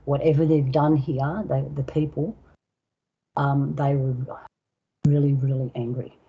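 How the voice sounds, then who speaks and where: An older woman with an Australian accent, a guest elder telling a personal story in unhurried casual talk, acting out voices and sounds. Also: a bass voice, level tone, breathy edge, muffled recording. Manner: unhurried, acts out dialogue and sounds.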